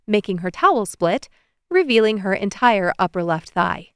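A woman narrates an audiobook in an even, measured way. Her voice is smooth and clear, of middling pitch. The recording is dry and close, with no room sound. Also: no echo.

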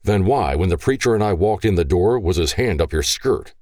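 A man's voice: sits low, lively intonation, a little fast, a little mellow, dry recording, clean studio sound, voice pushed up. A man voicing a furious, protective father who speaks in a stern, commanding growl.

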